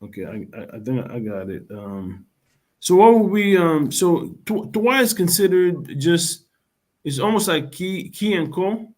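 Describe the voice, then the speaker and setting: A man learning a language, trying words out haltingly and asking questions. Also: a little high, very animated. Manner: hesitant, halting attempts and questions. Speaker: language student. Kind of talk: online language lesson.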